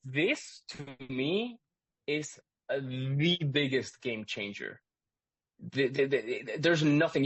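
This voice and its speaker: A man hosting a live online class, explaining excitedly with lots of restarts and asides. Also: mid-range voice, breathy edge, no room sound. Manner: energetic, rambling, lots of restarts. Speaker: host and instructor. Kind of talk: live webinar teaching.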